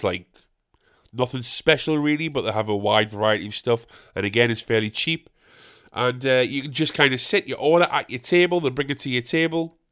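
A man's voice: mid-range voice, a bit bright, smooth. A man hosting a podcast, telling a rambling comic story with lots of swearing and questions he asks himself, then answers. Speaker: podcast host.

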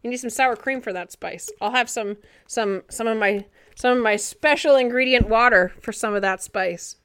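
A woman's voice: on the high side, normal speed, fairly bright tone, clean tone, no room sound, studio quality. A young woman chatting casually on a live stream from her living room, answering viewers and swearing now and then. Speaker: livestream host.

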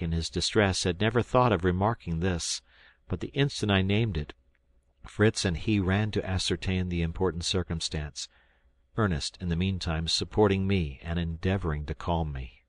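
A man from South Carolina narrating a public-domain audiobook in a measured, steady reading. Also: low-pitched, no room sound. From South Carolina, United States. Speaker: volunteer audiobook reader.

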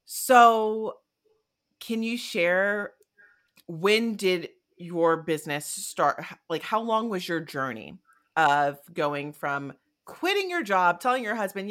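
A woman hosting an interview podcast, chatty and enthusiastic, reacting warmly to her guest. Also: fairly low pitch, lively intonation, slow pace. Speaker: podcast host. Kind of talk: casual interview chat.

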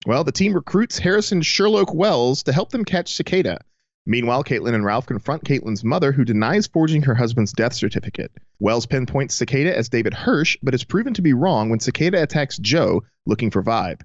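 A man's voice: mid-range voice, lively intonation, a little fast, no room sound. A man co-hosting a fan podcast, summarizing an episode and chatting in an easygoing way. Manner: laughs readily, easygoing. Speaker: podcast co-host. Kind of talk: casual fan discussion. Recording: dull lo-fi sound.

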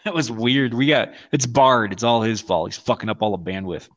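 Male podcast co-host, mid-pitched, crude and giggly storyteller on a video call. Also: moderate pace, fairly bright tone. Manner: profane, laughing storyteller. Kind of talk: casual chat.

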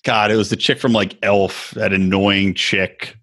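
A man's voice: fairly low pitch, little pitch movement, unhurried, fairly bright tone. A man co-hosting a podcast, telling stories in a profane, sarcastic, casual way. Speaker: podcast co-host. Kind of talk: casual chat.

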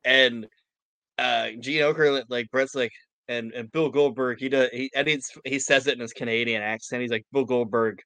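A man co-hosting a podcast, recorded dry and close. He tells stories with animation and swears casually. His voice sits at an ordinary male pitch. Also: steady tone, normal speed, bright, forceful tone, dry recording. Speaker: podcast co-host.

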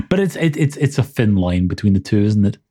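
A man co-hosting a relaxed podcast in a warm, mellow voice. His pitch swings widely as he talks. He is enthusiastic, laughs easily and often restarts his sentences. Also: slightly rough. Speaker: podcast co-host. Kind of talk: casual chat.

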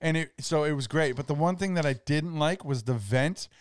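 A man co-hosting a podcast, telling relaxed stories in casual chat and laughing along. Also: a little high, normal speed. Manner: laid-back storyteller, laughs at own tales. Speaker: podcast co-host.

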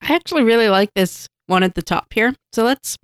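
A woman's voice: on the high side, animated, fairly quick, no echo, clean studio sound. A woman hosting a casual chat and leading the segments in a chatty way. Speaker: podcast host.

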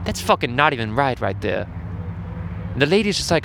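A man's voice: mid-range voice, sing-song, normal speed, gravelly, noisy background. A man giving crude, profane running commentary from the stands of a lacrosse game outdoors. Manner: profane ranting, frequent swearing. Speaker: host.

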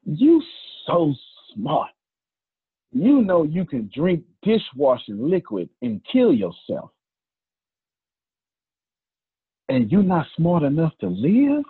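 A man voicing his stern elderly grandmother, calm and blunt as she scolds, heard over a phone-like lo-fi line. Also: mid-range voice, moderate pace, vocal fry, slightly rough. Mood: cold, stern.

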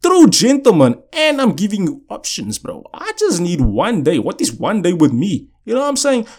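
A man's voice: sits high, wildly swooping pitch, normal speed, a little mellow, husky. A young man hosting a podcast, telling a personal story in casual chat, often asking "you know what I'm saying". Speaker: podcast host. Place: indoors, seated.

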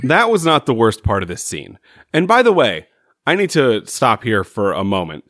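A man's voice: mid-range voice, huge pitch swings, normal speed, a bit bright, dry recording, clean studio sound. A man co-hosting a podcast, chatting casually and wryly about a TV episode and laughing often. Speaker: podcast co-host. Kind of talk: casual chat reviewing a TV episode.

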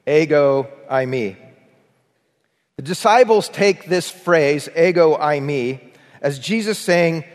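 Guy pastor preaching a sermon, kinda high voice, big echoey church sound. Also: lively intonation, slow pace. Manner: earnest preaching, varied emphasis, leads congregation in repetition. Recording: long hall reverb.

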